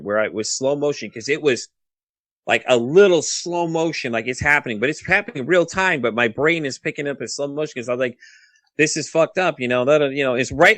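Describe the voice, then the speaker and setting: A man in his thirties, a podcast guest telling a story casually, rushing, swearing and restarting his sentences. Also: mid-range voice, a bit bright, no room sound. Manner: rapid, profane, restless recounting with many restarts.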